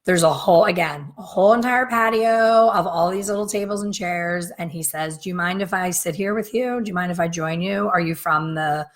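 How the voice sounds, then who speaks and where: A middle-aged woman with a slightly raspy voice tells a long, rambling story straight to her viewers. She talks casually and acts out the lines of the people in her story. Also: on the low side, fairly quick, few pauses. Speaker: hair colorist and business coach. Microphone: facing camera, talking straight to viewers.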